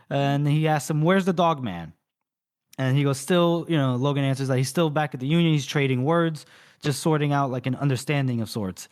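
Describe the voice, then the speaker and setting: A man on a book podcast, talking through a story scene by scene in an easy, rambling way. His voice sits at an ordinary middle pitch, and he slips into quick put-on voices for the characters before dropping back to his own. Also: a little mellow, smooth. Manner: rambling retelling with many fillers, acting out lines. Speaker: podcast co-host. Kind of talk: casual book recap.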